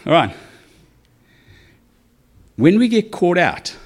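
A man preaching a conversational sermon, animated, with acted asides. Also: high-pitched, slow pace. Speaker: pastor.

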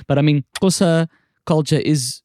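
Mellow-voiced South African host. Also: male voice, fairly high pitch, fairly even intonation, normal speed, no room sound, clean studio sound. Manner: probing, hesitant, restarts often. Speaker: podcast host. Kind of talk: casual interview.

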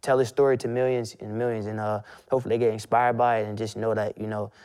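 A man's voice: on the low side, little pitch movement, fast, a little mellow, smooth. A young man in his twenties, a guest, telling a personal story in a loose conversational way, with lots of "you know" and restarts. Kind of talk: emotional storytelling in casual conversation.

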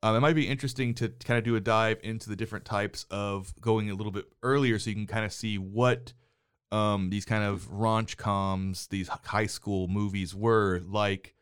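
A man's voice: fairly low pitch, clean tone, no echo. A middle-aged man co-hosting a casual movie podcast as a father, talking in a wry, teasing, mock-exasperated way from a studio booth.

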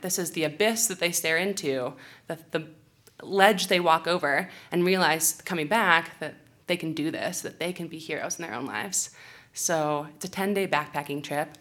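A young outdoor educator takes the stage and, into a handheld or stage mic, tells a humorous story at her own expense, laughing frequently. Her voice is lowish with a fairly bright tone.

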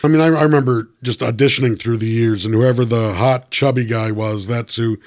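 A man's voice: medium pitch, fairly even intonation, fairly quick. Male guest actor, casual, stammery and self-deprecating, mid-range voice. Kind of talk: casual chat.

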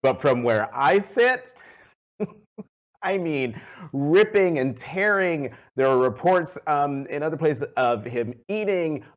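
A man's voice: a little high, animated, slow. Man hosting, dull lo-fi sound. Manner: conversational, laughs easily. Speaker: host. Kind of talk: hosting a news interview.

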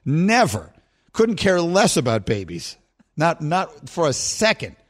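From a studio microphone, a male sports radio host with a fairly high voice chats unhurriedly, telling stories in relaxed banter. His storytelling is lively, and he often laughs at himself.

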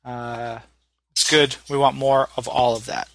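A man's voice: mid-range voice, measured pace, creaky, slight background noise. A man hosting a podcast, chatting casually and reading out listener messages with plenty of fillers. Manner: relaxed, chatty, many fillers. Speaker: podcast host.

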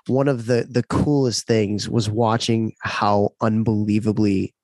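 A man hosting a podcast, asking questions in a relaxed, conversational way. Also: lowish voice, measured pace, no echo. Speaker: podcast host. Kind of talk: interviewing on a podcast.

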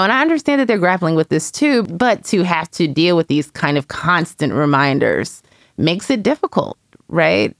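A woman's voice: low voice, creaky, no echo, studio quality. A woman, a parenting columnist, thoughtfully recounting a personal story in a casual podcast conversation. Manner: reflective, storytelling, frequent fillers.

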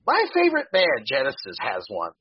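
A man's voice: medium pitch, huge pitch swings, a little fast, breathy edge, dry recording, muffled recording. A man hosting a podcast in a casual, profane, ranting way with laughing asides. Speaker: podcast host.

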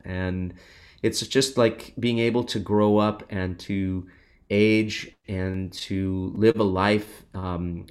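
A middle-aged man speaks as an interview guest, his voice sitting low and deep. He talks in an earnest, reflective manner, sounding grateful as he looks back. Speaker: guest musician and radio host. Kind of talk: conversational interview.

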